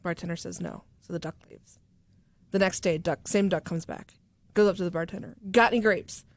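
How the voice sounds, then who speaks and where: A woman on a podcast panel telling a corny joke casually, often trailing off softly. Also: on the low side, steady tone, a little fast, no echo.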